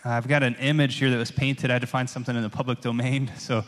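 A man's voice: mid-range voice, little pitch movement, fast talker. A man preaching a sermon in a loose, conversational way, often adding "like" and "right?" as he reads and explains scripture. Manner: casual, conversational, many filler "like"s and "right?"s. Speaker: pastor. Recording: long hall reverb.

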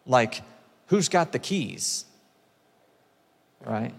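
A man's voice: mid-range voice, sing-song, extremely slow, vocal fry. A man in his thirties preaching a sermon as pastor, conversational and emphatic, often checking in with the congregation. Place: church sanctuary. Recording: long hall reverb.

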